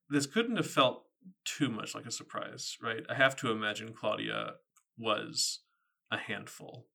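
A man's voice: on the low side, unhurried, creaky, bright, forceful tone. A man in his thirties co-hosting a book podcast, chatting in a thoughtful, casual way. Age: 30s. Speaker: podcast co-host. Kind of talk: casual book-discussion chat.

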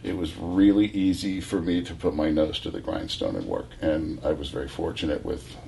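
A man in his sixties from California, a guest telling rambling, animated stories full of restarts. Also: a bass voice, moderate pace, gravelly, a little hiss or hum. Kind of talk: casual storytelling.

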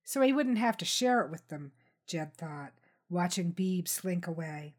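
Female audiobook narrator, steady dramatic delivery, gritty thriller read. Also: lowish voice, a little slow. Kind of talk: scripted narration.

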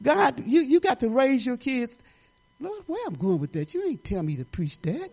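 A woman's voice: a little high, big pitch swings, moderate pace, a little mellow, slightly rough. An older woman giving a rambling, chatty testimony at church, often laughing and restarting her sentences.

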